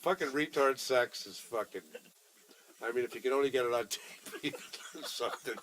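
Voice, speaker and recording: A middle-aged man, a shop owner, telling a story in a candid, casual way, animated and profane. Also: medium pitch, moderate pace, a little hiss or hum, poor audio. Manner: animated, profane, acts out both sides of dialogue.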